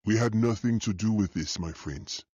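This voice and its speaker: A man voicing a wiry, wary man in his late forties with a thick French accent, calm and evasive in a formal way. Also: fairly low pitch, normal speed, slightly rough, no echo. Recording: dull dry audio.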